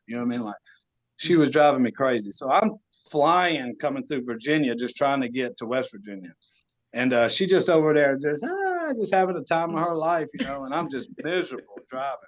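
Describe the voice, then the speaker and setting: A man's voice: mid-range voice, big pitch swings, moderate pace. A man, a podcast guest telling a story in casual slang, laughing as he goes.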